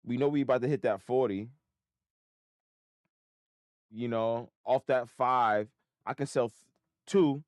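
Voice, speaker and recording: A man trading options and talking to himself, frustrated and swearing, swinging from loud outbursts to low mutters. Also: fairly even intonation, unhurried, pauses often, no room sound. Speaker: options day trader.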